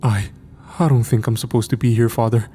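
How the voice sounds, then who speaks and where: A man's voice: mid-range voice, little pitch movement, a little fast, dark tone, faint music behind, close to an everyday voice. A man voicing a terrified young male soldier who stammers and whispers in a trembling voice as he breaks down. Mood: panicked.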